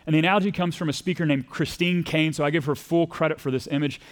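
A man's voice: a little high, fairly even intonation, fast. A man with a Texas accent preaching a sermon in a conversational way, acting out quoted voices and asking the congregation questions. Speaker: pastor.

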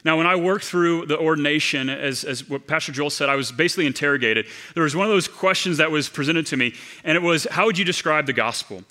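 Male pastor mid-sermon; fairly high, bright, forceful delivery, earnest, slowing on key points. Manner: earnest, slows down to stress key phrases.

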